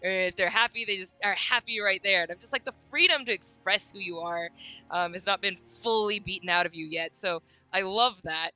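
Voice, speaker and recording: A woman streaming a game, chatting casually and reading dialogue aloud, giggling and gushing with squeaky quoted voices. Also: a little fast, pushed and bright, soft background music, rough recording.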